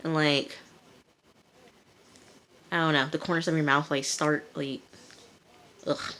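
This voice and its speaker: A woman's voice: deep voice, little pitch movement, a little slow, fairly bright tone, slight background noise. A woman casually recapping a TV episode, chatty with many fillers, talking straight to her viewers. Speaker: TV episode reviewer.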